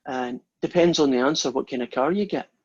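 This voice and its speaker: A man's voice: mid-range voice, brisk, darkish tone, slightly rough, close to an everyday voice. A man voicing Saint Peter as a matter-of-fact gatekeeper of heaven, in a joke told over a video call. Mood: wry. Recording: dull lo-fi call audio.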